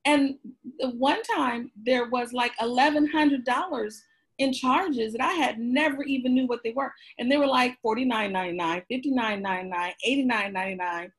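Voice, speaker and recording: A woman bookkeeper speaks as a guest on a podcast. She talks casually and leans on filler phrases as she explains. Her voice is husky and sits slightly high. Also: normal speed, rough recording. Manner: chatty, explains with lots of "you know". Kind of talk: casual chat.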